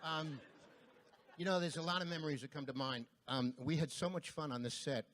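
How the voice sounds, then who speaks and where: A man's voice: on the high side, fairly quick, a faint crowd. Guy on a panel remembering old times, easygoing, lots of ums. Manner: relaxed, fond reminiscing with many ums. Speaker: cast member at a reunion panel. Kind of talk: reminiscing on a panel.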